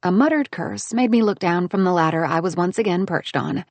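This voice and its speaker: A woman narrating a first-person romance audiobook in a smooth, expressive way. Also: fairly low pitch, brisk, dry recording.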